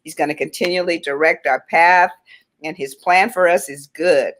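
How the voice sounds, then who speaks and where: A woman's voice: fairly low pitch, steady tone, moderate pace, a bit bright. A woman hosting a faith-based talk show, speaking in an encouraging, affirming way and often answering with "right". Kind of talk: faith-based casual chat.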